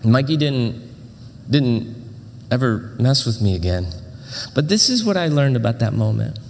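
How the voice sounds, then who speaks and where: A middle-aged male pastor telling a story in a sermon with animated, dramatic delivery and frequent self-interruptions. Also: medium pitch, measured pace, gravelly, slight background noise. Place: church auditorium. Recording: long hall reverb.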